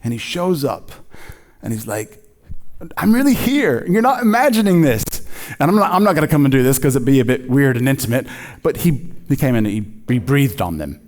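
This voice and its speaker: A man preaching a sermon in a conversational, animated way, joking with the congregation. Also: mid-range voice, brisk. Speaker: pastor.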